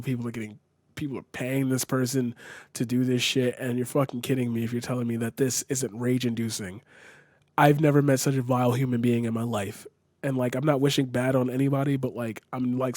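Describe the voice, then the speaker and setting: A man's voice: mid-range voice, a little mellow, no room sound. A man live streaming a reaction to a video, ranting angrily and swearing often, repeating himself as he vents. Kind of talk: angry reaction commentary.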